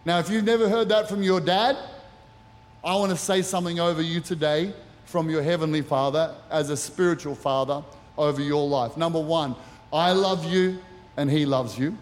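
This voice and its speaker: A man's voice: fairly high pitch, moderate pace. A middle-aged man preaching as a pastor at a church service, earnest and personal with touches of light humor. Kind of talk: sermon. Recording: reverberant church hall.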